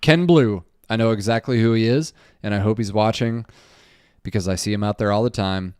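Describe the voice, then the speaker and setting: A man's voice: lowish voice, a little fast, a little mellow, smooth, no echo, clean studio sound. A man who guides fishing trips hosts a casual live stream, reading viewer comments aloud in a laid-back way, swearing freely. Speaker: fishing guide and channel host.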